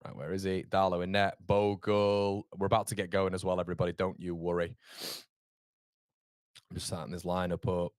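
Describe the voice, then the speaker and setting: A man's voice: deep voice, monotone, fairly quick, clear, resonant tone, no room sound, clean studio sound. A man from York, hosting a live football watchalong in a chatty, rambling way with frequent laughter. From York, England. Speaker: watchalong host.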